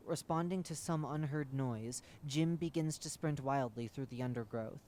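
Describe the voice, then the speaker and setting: A male narrator reads a horror wiki entry aloud in a measured, matter-of-fact way, like a formal report. His voice sits at a middle pitch, with faint noise under it. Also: darkish tone.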